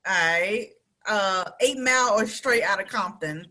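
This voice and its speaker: A woman with a bright, forceful voice hosts a relaxed online radio interview. She is chatty and playful, slips into slang and laughs easily while running a quick this-or-that game with her guest. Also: mid-range voice. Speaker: radio show host. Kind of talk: casual interview chat. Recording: online live-stream interview.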